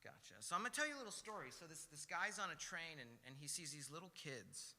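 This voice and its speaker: A young man preaches in a loose, chatty way, telling stories and tossing in quick asides. His voice is very bright and sits a little high. It rings out with a long hall reverb over faint music. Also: big pitch swings, a little hiss or hum. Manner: chatty, storytelling, with many "like" and "right?" asides. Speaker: preacher at a young adults service. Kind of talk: casual conversational sermon. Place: church hall.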